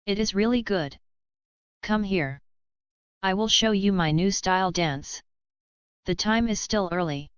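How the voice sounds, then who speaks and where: A woman's voice: mid-range voice, a little slow, pauses often, clear, resonant tone, no echo, natural voice. A woman voicing a clever male rabbit trickster who coaxes and persuades, in a dull lo-fi recording. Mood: coaxing. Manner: coaxing, persuasive.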